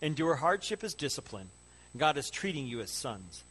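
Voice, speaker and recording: A man preaching a sermon as a pastor, building to loud excitement and then dropping to hushed, soft tones. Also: fairly high pitch, moderate pace, slightly rough.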